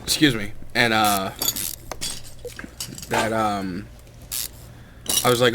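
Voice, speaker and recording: A man's voice: lowish voice, level tone, slow pace, long pauses. A young man chatting casually and hesitantly, with many fillers and self-deprecating asides, while tasting a drink at home. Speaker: hobbyist vlogger. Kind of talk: casual rambling chat. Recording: noisy home recording with clinking.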